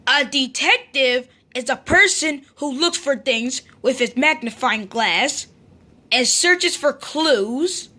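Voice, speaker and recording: A woman's voice: high voice, lively intonation, slow, bright, forceful tone, heavily acted. A woman doing a kind, patient daddy bear. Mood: gentle.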